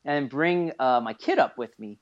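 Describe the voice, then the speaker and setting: Excitable guy guesting on a podcast, swears constantly, voice jumps all over, muffled lo-fi sound. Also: mid-range voice, moderate pace. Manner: animated, swears a lot, excitable. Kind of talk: casual podcast chat. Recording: dull lo-fi podcast audio.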